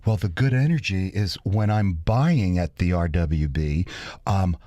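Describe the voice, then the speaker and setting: Male radio co-host, low voice, dry close sound, casual rambling chat. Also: unhurried, mellow, dry recording. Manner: rambling, retells a study loosely.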